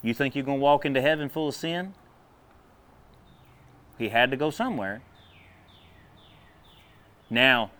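A man preaching a sermon in a folksy, animated way, drawling and then breaking into sudden loud bursts. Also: medium pitch.

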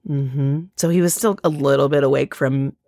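A woman in her thirties co-hosting a casual podcast, spinning a long anecdote full of "like" and "um". Her voice sits low, and the recording is close and dry with no room sound. She slips into quick impressions of the people in her story. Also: creaky, no room sound. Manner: rambling, animated storytelling with fillers and quoted voices. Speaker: podcast co-host.

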